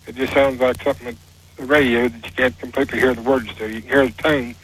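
A man calling in to a talk show, plain-spoken and halting as he tells his story. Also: mid-range voice, little pitch movement, a bit bright, breathy edge, low-quality recording. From West Virginia. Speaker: caller. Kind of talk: telling a personal story on a call-in show.

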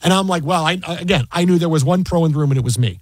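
A man's voice: on the high side, very fast, no echo. A middle-aged man, a sports broadcaster, telling a story in casual chat, acting out the quoted dialogue with many restarts. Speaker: sports broadcaster and podcast guest.

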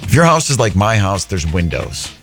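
A man's voice: fairly low pitch, sing-song, normal speed, fairly bright tone. A man hosting a morning radio show, chatty and upbeat, punching words for emphasis over a faint music bed. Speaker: radio host.

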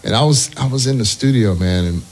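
A man, a musician guest, telling animated anecdotes in a casual interview. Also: medium pitch, brisk. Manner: animated anecdotes, breaks into sung snippets and quoted voices.

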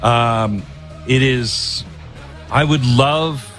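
A man's voice: medium pitch, very slow, fairly bright tone, faint music behind. Emphatic male talk radio host. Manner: emphatic, conversational, breaks off to restart sentences. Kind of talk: political talk radio with a live ad read.

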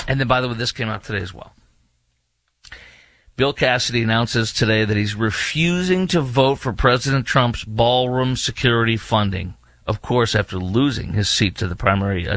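Indignant man ranting on politics, bright dry. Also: lowish voice, no echo. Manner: indignant, mocking, reads quotes aloud then rebuts. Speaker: political commentary host. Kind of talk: opinionated political commentary.

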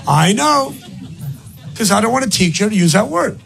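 A brash male stand-up comedian with a high, gravelly voice that leaps all over the place. He builds his stories toward shouted punchlines, with faint hiss under the recording. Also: lively intonation, fast, soft background music. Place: live comedy stage with audience.

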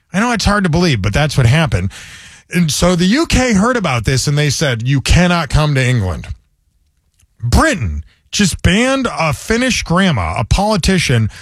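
A man's voice: fairly high pitch, no room sound, studio quality. A man hosting a comedy talk show, ranting in a sardonic, joking way in casual chat. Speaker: comedy podcast host.

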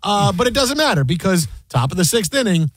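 Brisk male sports radio host. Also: sits high, big pitch swings, slightly rough, dry recording. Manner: brisk, joking, fast. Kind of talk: sports talk radio banter and reads. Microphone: studio microphone.

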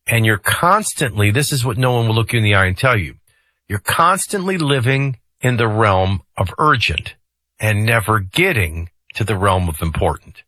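A middle-aged man hosts a radio morning show in a folksy, joking way. His voice is bright and forceful with a touch of husk, and his pitch swings up and down a lot. The sound is dry and close on a studio microphone. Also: slightly rough, no echo. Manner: folksy, joking, lively delivery. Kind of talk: casual radio talk.

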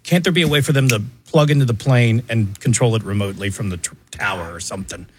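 Man, co-host, fast pace, faint ambience, wry quick comments. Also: fairly low pitch, a little hiss or hum. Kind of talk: casual banter.

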